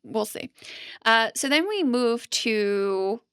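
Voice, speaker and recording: A woman co-hosting a chatty podcast, retelling scenes with lively, animated storytelling and plenty of "like". Her voice is bright and crisp, recorded close and dry. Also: on the high side, takes it slowly, no room sound. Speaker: podcast co-host. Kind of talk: casual recap chat.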